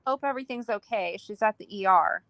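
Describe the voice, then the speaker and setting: Bright woman agreeing in chat. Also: medium pitch, fast, gravelly. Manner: agreeing, backing up her friend with short replies. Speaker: co-host. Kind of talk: casual chat.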